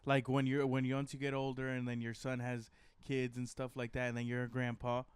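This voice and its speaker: A man's voice: medium pitch, completely flat delivery, a little fast, clean tone, dry recording. A man co-hosting a casual podcast, laughing along and asking easygoing questions. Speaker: podcast co-host. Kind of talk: casual chat.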